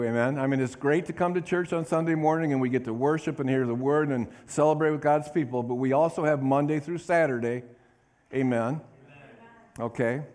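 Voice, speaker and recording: A man's voice: fairly high pitch, a little mellow. A male pastor preaching a sermon, reading scripture with emphasis and drawing call-and-response amens from the congregation. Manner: reads scripture aloud with emphasis.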